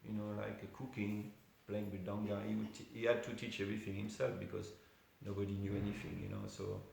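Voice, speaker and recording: A man's voice: on the low side, level tone, fairly quick, creaky, darkish tone. A man giving an informal class at a temple, telling a story conversationally with many asides. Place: temple hall. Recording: very echoey room with faint hiss.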